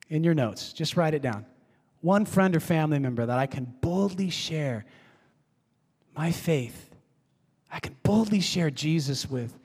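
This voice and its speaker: A man preaching a sermon as pastor, emphatic and swinging from high excited emphasis to quiet, hushed prayer. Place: church sanctuary. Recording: reverberant hall.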